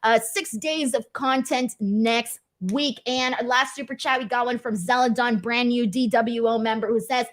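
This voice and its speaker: A young woman with a slightly higher than average voice hosts a casual livestream. She chats easily with her viewers, teases herself, and tells stories with animated energy. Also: normal speed, hardly any pauses. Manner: chatty, self-mocking, animated storytelling. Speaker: wrestling show host reading super chats.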